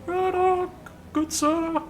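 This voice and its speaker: A man voicing an effeminate, heavy-set male messenger who speaks in a high falsetto with flowery, overly polite phrasing. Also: little pitch movement, slow, faint music behind, poor audio. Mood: fawning.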